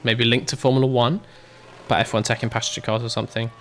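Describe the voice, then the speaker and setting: A man's voice: mid-range voice, flat delivery, fast talker, fairly bright tone, a little hiss or hum. A young British man casually commentating a racing manager game, chatting and answering chat in a rambling, swearing way. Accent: British English. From Britain.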